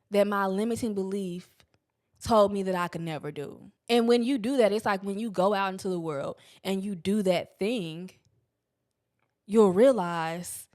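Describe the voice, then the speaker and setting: A woman's voice: mid-range voice, darkish tone. A young woman hosting a podcast, talking candidly about self-help in a casual, blunt way, swearing freely and stretching words for emphasis. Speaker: podcast host.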